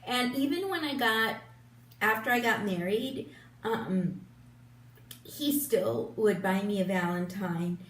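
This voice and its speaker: A woman in her fifties chats slowly and unhurriedly as she gets ready, rambling with plenty of ums and restarts. She sits a bit back from the camera in a room with a roomy echo. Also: mid-range voice, a bit bright, recorded from a distance. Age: 50s. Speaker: beauty vlogger. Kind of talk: casual get-ready-with-me chat. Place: room at home in front of a big lit mirror. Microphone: camera a little way off, turned sideways.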